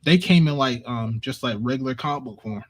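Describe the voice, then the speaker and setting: A man chatting casually on a livestream in a laid-back, halting way. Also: medium pitch.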